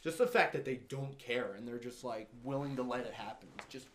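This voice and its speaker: A man's voice: mid-range voice, brisk, roomy sound, a little hiss or hum. A young man chatting casually about a movie, acting out scenes in exaggerated voices. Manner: animated, acts out scenes in exaggerated quoted voices.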